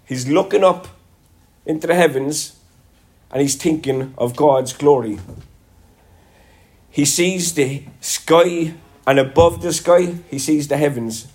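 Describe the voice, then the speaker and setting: A man from Cork, Ireland, preaches in a church with a lilting Cork accent, his voice a touch higher than most men's. He sounds stuffy and congested from a sinus infection, yet stays earnest. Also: slow pace, pauses often, a little mellow. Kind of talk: sermon.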